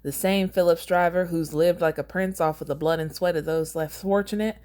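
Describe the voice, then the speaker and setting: A woman's voice: lowish voice, steady tone, moderate pace, darkish tone, lightly acted. A woman voicing a menacing male asylum inmate who sits as judge, speaking in a drawling, mocking way.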